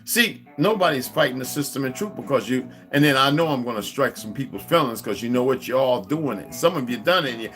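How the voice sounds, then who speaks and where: A man delivering a profane, confrontational ranting monologue as an online commentator, swinging from loud outbursts to low mutters. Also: lively intonation, brisk, few pauses, soft background music.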